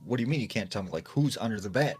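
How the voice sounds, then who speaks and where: A man's voice: fairly low pitch, animated, racing, a little mellow, natural voice. A man voicing a frightened mother urgently questioning her son. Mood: alarmed.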